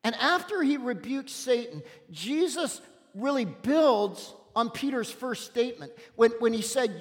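A man's voice: very high voice, very animated, takes it slowly. A man preaching a sermon in an emphatic, conversational way with punchy asides, in a church sanctuary. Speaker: pastor. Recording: long hall reverb.

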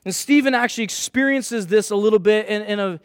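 A man in his thirties, a pastor, preaching a sermon in a chatty, animated way and telling a self-mocking story about his family. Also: high-pitched, brisk, smooth, no echo, clean studio sound.

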